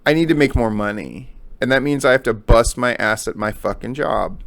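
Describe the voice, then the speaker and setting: Gravelly-voiced blunt middle-aged man ranting. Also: mid-range voice, normal speed. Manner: blunt and profane, heavy swearing; emphatic, repeats points for force. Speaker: wrestling news commentator. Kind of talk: solo commentary rant.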